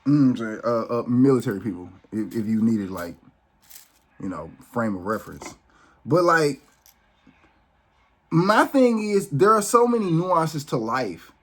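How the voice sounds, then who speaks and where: A man's voice: mid-range voice, very animated, a little slow, pauses often. A man hosting his own vlog, ranting off the cuff in a heated, profane and emphatic way, often restarting his sentences. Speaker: vlog host.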